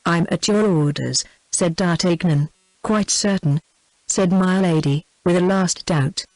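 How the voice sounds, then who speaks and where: A text-to-speech woman's voice with a British English accent, reading a novel aloud in an even, machine-like way. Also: fairly low pitch, a little slow, no room sound, poor audio. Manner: even synthetic reading, reads punctuation aloud. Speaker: audiobook reader. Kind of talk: text-to-speech audiobook narration.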